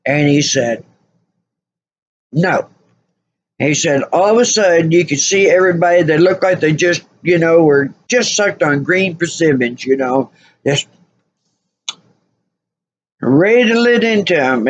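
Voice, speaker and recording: A woman's voice: low voice, unhurried, muffled recording, slight background noise. A woman vlogger telling a story casually, rambling and full of "you know" fillers.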